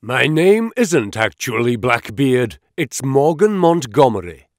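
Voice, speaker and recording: A man's voice: medium pitch, big pitch swings, takes it slowly, no echo. A man doing a jovial old pirate captain. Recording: dry close studio sound.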